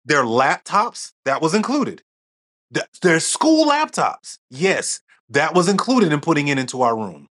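A man's voice: on the high side, very animated, unhurried, a bit bright. A middle-aged man as a podcast guest, telling stories in casual conversation and acting out quoted dialogue.

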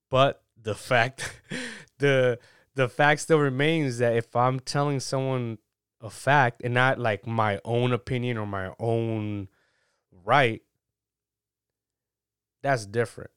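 A man preaching in a relaxed, conversational way, taking his time over every phrase. His voice is clear and smooth, with a dry, close sound and no room echo. He often laughs at himself between points. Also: mid-range voice, slow. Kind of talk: casual conversational sermon.

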